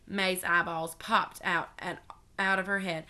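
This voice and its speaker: Lady reading a kids' chapter book out loud, really bright voice, lively. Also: fairly low pitch, unhurried. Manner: expressive, animated reading. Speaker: storybook reader.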